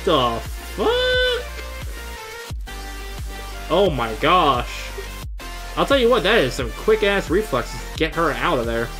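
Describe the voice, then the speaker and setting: A man's voice: fairly high pitch, wildly swooping pitch, takes it slowly, long pauses, over music. A man hosting a casual video reaction, chatty and openly emotional, who exclaims and swears often. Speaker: reaction channel host.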